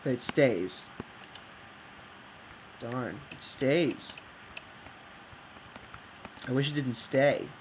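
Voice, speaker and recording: A man thinking out loud while building in a block game, rambling and hesitant, with many fillers and restarts. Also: medium pitch, expressive, extremely slow, long pauses, slight background noise, poor audio. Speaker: game video creator. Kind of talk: casual think-aloud game commentary.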